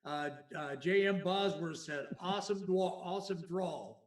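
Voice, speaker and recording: A man's voice: sits high, unhurried. A man co-hosting a casual podcast, musing and rambling with stammered repeats. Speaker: podcast co-host. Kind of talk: casual chat. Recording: echoey room, far from the mic.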